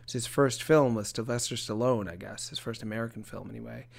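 A man co-hosting a casual comedy chat, with a relaxed, mid-pitched voice. He often lets his sentences trail off quietly. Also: brisk, gravelly. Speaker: podcast co-host.

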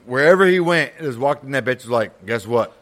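A man co-hosts a casual history podcast, rambling and cursing as he acts out scenes he imagines. His voice sits at medium pitch with a fairly bright tone, expressive and fairly quick.

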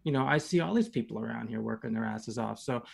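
A man in his forties speaks in a gravelly, slightly creaky voice at an ordinary pitch for a man. He is a podcast guest who tells loose, rambling stories, filled with "you know" and some casual cursing. His manner is relaxed and chatty. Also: fast. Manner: rambling, laid-back storytelling full of "you know"; swears casually. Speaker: podcast guest, reality competition champion.

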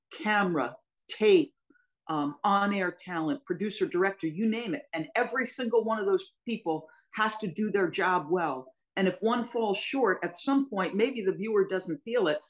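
A woman's voice: lowish voice, poor audio. A woman sports broadcaster telling a travel story in casual podcast chat, emphatic and laughing often. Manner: storytelling, warm laughs between lines, emphatic.

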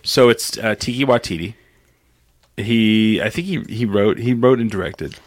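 A man co-hosting a podcast, telling stories in casual chat, jumping into high mock voices and swearing freely. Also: normal speed, no echo, clean studio sound. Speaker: podcast co-host.

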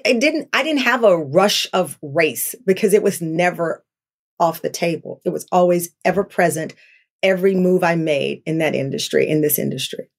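A middle-aged woman, a talk show host as a guest, telling her story in an interview, earnest and animated, acting out quotes. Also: fairly low pitch. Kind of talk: podcast interview.

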